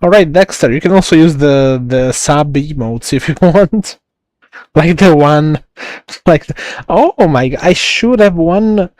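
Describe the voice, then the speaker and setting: Slow, mellow Italian-accented streamer. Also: male voice, fairly high pitch, no echo. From Italy. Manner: rambling, halting, lots of restarts and laughs. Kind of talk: live game stream commentary.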